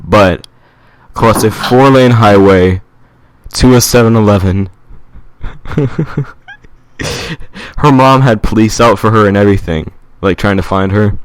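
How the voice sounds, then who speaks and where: A man's voice: lowish voice, a little slow, long pauses. A man co-hosting a comedy podcast, chatting casually with plenty of ums and likes. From England. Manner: relaxed, many fillers like um and like. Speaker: podcast co-host.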